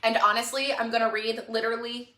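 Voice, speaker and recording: A woman's voice: fairly high pitch, little pitch movement, fairly quick, bright, forceful tone, reverberant. A woman, close to tears as she talks earnestly to her followers on a livestream, pleading and repeating herself for emphasis. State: tearful, on the verge of crying. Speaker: online shop owner on a livestream. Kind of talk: emotional livestream monologue to followers.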